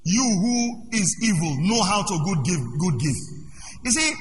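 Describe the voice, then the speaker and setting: A man preaching a sermon as pastor, moving between quiet asides and loud shouted passages. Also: high voice, expressive, measured pace, a little hiss or hum. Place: church hall. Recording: echoey hall with long reverb.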